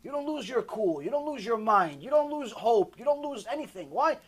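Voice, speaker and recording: A rabbi with a very high-pitched, husky male voice narrates a sermon story at a moderate pace. It's animated and repetitive, and he acts out all the dialogue himself.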